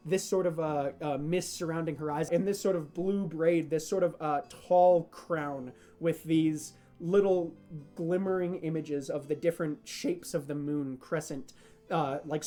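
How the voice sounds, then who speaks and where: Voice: medium pitch, warm tone. A game master narrating a homebrew tabletop game in a rambling, hesitant way, full of fillers and restarts.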